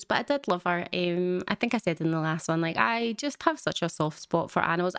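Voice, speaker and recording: A woman's voice: on the low side, clear, resonant tone, no echo, studio quality. A young woman, recapping a show in a chatty, rambling way with lots of fillers. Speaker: reaction channel host. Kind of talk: casual reaction recap.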